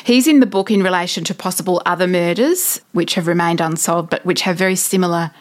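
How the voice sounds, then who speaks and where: Woman recounting a book, low voice. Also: steady tone, fairly quick. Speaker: book reviewer. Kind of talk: casual book chat.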